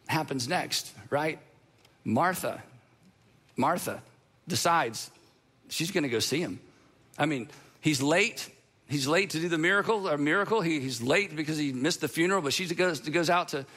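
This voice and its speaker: A male pastor with a high, ringing voice preaches with earnest emphasis. He leans into repeated phrases, then falls to a near hush for effect. His tone stays bright and forward throughout. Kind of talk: sermon.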